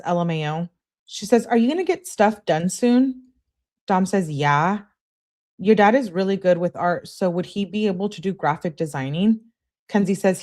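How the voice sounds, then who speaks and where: A woman with a slightly low voice hosts a livestream. She reads a thread of text messages aloud in a casual way, saying who sent each message before reading it. She adds offhand comments of her own between the messages. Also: darkish tone. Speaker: livestream host.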